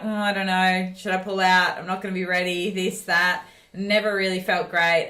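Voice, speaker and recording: A woman co-hosting a podcast as a fitness coach, chatting casually, blunt and swearing freely, telling stories with animated quoting. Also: lowish voice, echoey room. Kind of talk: casual chat.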